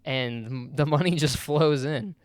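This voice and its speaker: Young male co-host, clear crisp voice, giggly sidekick energy. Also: medium pitch, no echo. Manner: laughs often, quick amused reactions. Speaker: podcast co-host. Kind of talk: casual comedic chat.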